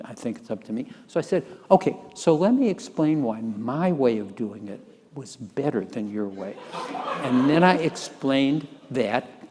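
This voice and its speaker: A man's voice: medium pitch, in a large hall. An older man telling an anecdote in an oral-history recording, acting out the dialogue with animation. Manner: animated storyteller, acts out dialogue. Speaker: tax lawyer telling a story.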